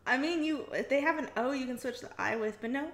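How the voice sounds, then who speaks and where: A woman's voice: high-pitched, quick pace, a bit bright, reverberant. A woman co-hosting a casual art livestream, chatting and reading viewer comments aloud with frequent giggles. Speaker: stream co-host reading chat.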